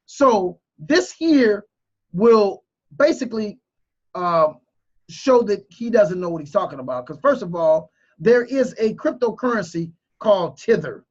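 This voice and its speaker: A man's voice: high voice, sing-song, measured pace, lo-fi sound. A man giving emotional, preachy video commentary, repeating his points with strong emphasis. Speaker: crypto commentator.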